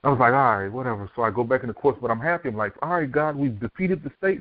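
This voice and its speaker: A man's voice: medium pitch, quick pace, few pauses, no room sound. A man from Miami, Florida, a podcast guest telling his life story and acting out the voices of people in it. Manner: vivid storyteller who acts out quoted dialogue. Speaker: podcast guest, author and speaker. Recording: dry, tinny phone-like line.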